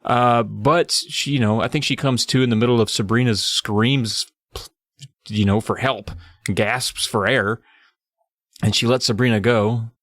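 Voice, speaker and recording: A man co-hosting a podcast, casually recapping a book, animated and swearing as he acts out scenes. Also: mid-range voice, measured pace, dry recording, clean studio sound. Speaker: podcast co-host.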